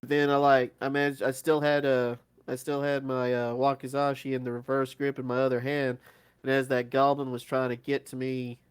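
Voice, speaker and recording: A man plays in a tabletop game and narrates his character's moves in a wry, sarcastic manner. His voice is smooth and clear, at a middle pitch. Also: little pitch movement, moderate pace. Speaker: player.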